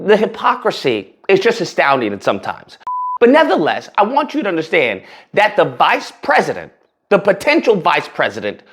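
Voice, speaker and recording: Animated man ranting with a lively voice. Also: sits high. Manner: animated, laughing, mocking asides. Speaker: commentary channel host. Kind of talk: casual reaction commentary.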